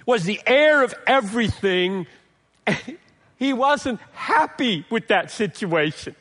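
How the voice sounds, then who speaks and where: A middle-aged male pastor preaching a sermon, swinging from emphatic lines to hushed, tender ones. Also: very high-pitched.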